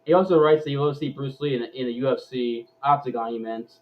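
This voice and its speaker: A man's voice: mid-range voice, fairly even intonation, brisk. Stumbling man on dull lo-fi audio. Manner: stumbling, repeats words. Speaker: host. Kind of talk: casual live-stream sports chat.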